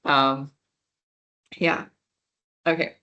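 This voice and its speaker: Slow-paced young woman teaching beginner French. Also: low voice, level tone, bright, forceful tone, muffled recording. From Punjabi background. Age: young adult. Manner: explains patiently, checks students understand. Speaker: French workshop instructor. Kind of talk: online class teaching.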